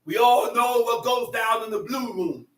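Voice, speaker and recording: A man teaching a Bible class as a preacher, animated and often shouting, with laughs between points. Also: very high voice, moderate pace. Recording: roomy sound from a distant mic.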